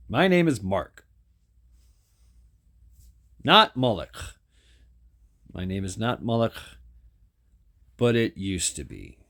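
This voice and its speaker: A man's voice: fairly low pitch, fairly bright tone, pitched below the performer's own voice, heavily acted. A man voicing a giant purple four-armed god who is friendly and talks in a raised, chatty voice. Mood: calm.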